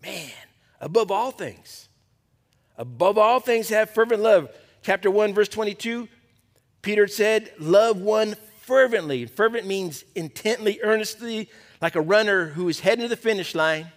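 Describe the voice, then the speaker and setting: A pastor preaching to a men's Bible study, animated and throwing questions to the group. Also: male voice, high-pitched, a little slow, in a large hall.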